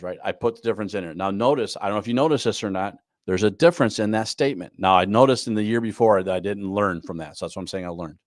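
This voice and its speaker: A man's voice: on the low side, fast talker, hardly any pauses, no echo, clean studio sound. A man teaching a live online class on goal planning, repeating his key points and often asking "right?". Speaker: business coach.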